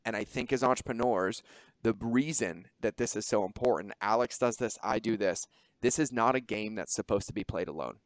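A man hosting a podcast, talking in a lively, informal way and swearing freely. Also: lowish voice, no room sound. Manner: animated, swearing, quick asides. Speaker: podcast host. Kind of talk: casual podcast conversation.

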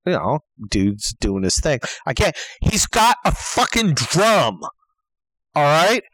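A man's voice: sing-song, slow, no room sound, poor audio. Profane, exasperated older man ranting. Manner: profane, exasperated, swinging from low mutters to yelled outbursts. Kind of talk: comedic storytelling rant.

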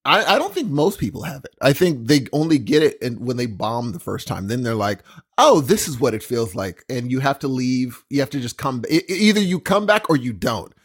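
A man's voice: mid-range voice, very animated, brisk, husky. A man in casual chat who tells stories animatedly and laughs easily. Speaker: guest.

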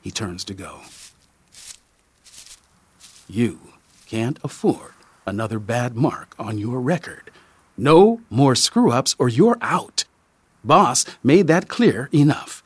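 A male narrator reads a story in the second person with a measured, unhurried pace and an expressive, rising-and-falling voice. His tone is slightly husky and sits a little high, recorded dry and close. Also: no echo.

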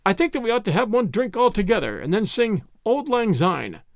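A man's voice: high-pitched, very animated, brisk, dry recording, pitched above the performer's own voice. A man doing a hearty rambling toastmaster. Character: excited talkative British gentleman proposing toasts.

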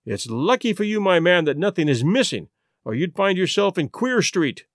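A man's voice: high-pitched, big pitch swings, normal speed, dry recording, studio quality. A man reading a story aloud and voicing a brash, self-satisfied police inspector who lectures and boasts. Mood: smug. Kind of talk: audiobook reading.

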